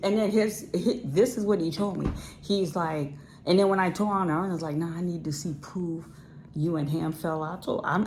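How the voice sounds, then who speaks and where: An independent filmmaker from Ohio, USA, talks casually and directly to the camera, speaking bluntly and emphatically to her viewers and repeating words for stress. Her voice is fairly low and mellow, with a little hiss or hum on the audio.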